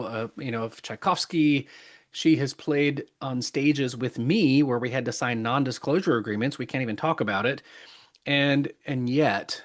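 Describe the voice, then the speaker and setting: Middle-aged male podcast guest, earnest and halting, mid-pitched voice. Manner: earnest, halting, many restarts. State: choked up with emotion. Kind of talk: casual interview talk.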